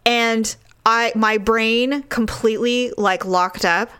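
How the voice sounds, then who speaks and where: A woman's voice: slow pace, clean tone. A woman in her forties telling a funny story in casual chat, laughing often and acting out what people said. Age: 40s. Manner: animated, laughs often, acts out quoted lines in a high voice.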